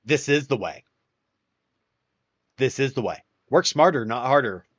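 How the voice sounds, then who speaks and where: A man's voice: mid-range voice, animated, measured pace, no room sound. A man unhurriedly spinning crude stories on a casual chat stream and voicing everyone in them himself. His sound is dry and close, with a dull, lo-fi edge. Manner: profane, wry storyteller acting out quotes. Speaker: streamer, host.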